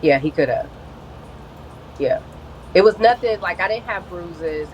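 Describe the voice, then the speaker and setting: A woman's voice: on the low side, lively intonation, measured pace, dull audio, a little hiss or hum. A woman as a guest on a live stream, telling a painful personal story in a candid, blunt way and swearing often.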